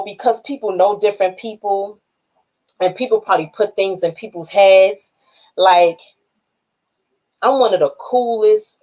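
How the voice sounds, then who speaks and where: A woman's voice: mid-range voice, poor audio. Woman, New York accent, livestream host, casual and direct, streetwise talk, mid-range voice. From Harlem, New York. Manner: shouts out viewers by name, streetwise and direct.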